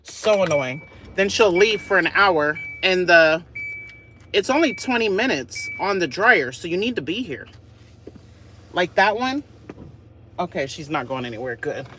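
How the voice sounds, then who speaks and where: A woman live-streaming from a laundromat on her phone, giving a nosy, gossipy running commentary and often dropping to a hushed voice. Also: on the low side, animated, a little slow, pauses often, a little hiss or hum. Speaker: vlogger.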